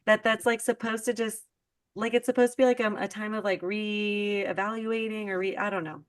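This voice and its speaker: A woman's voice: mid-range voice, fairly even intonation, moderate pace. A woman hosting a podcast in casual chat, talking loosely with many "like" fillers. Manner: chatty, heavy use of "like" fillers. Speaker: podcast host.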